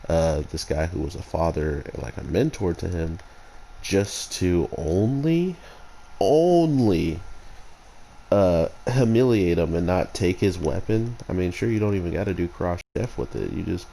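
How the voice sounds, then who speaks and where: Deep gravelly man, rambling review. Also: dark tone, a little hiss or hum, rough recording. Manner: rambling, digressive. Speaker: anime reviewer. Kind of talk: casual spoken review.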